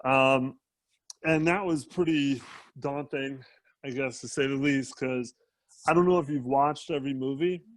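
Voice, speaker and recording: A man co-hosting a casual gaming podcast, telling stories in a halting way full of fillers. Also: medium pitch, no echo. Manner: halting, filler-heavy storytelling. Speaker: podcast co-host.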